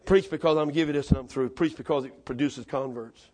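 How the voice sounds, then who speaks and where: A man preaching a sermon, fiery and shouting at the climaxes of his stories. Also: mid-range voice, steady tone, quick pace. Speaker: pastor.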